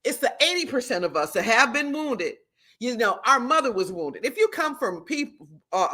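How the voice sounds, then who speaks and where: A middle-aged woman hosting a live stream, teaching and greeting viewers by name in an animated, preacherly way. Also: on the high side. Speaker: livestream host and prophetess.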